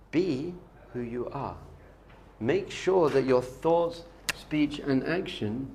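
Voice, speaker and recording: A man's voice: mid-range voice, creaky, a little hiss or hum. A man, a rabbi, giving a spiritual lesson with a story, talking animatedly and repeating key points for emphasis.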